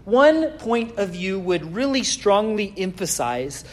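A man preaching a sermon in a conversational way, reading scripture aloud and slowing down to stress key words. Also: sits high, sing-song. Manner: conversational preaching with dynamic swings in loudness. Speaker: pastor.

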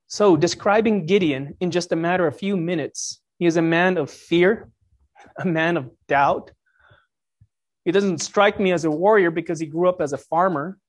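A preacher giving a sermon in a conversational way, with jokey asides and sudden rises in pitch and loudness for emphasis. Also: normal speed.

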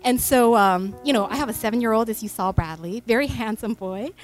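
Woman pastor in her 30s, fairly high voice, chatty sermon on a church mic. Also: fairly quick, soft background music. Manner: chatty storytelling with many fillers. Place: church stage. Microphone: stage microphone.

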